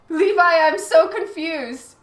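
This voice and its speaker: A woman artist chatting casually with her live-stream viewers, laughing often as she reads their messages. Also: very high-pitched. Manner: giggly, reads chat messages aloud. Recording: roomy echo with faint music. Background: faint background music.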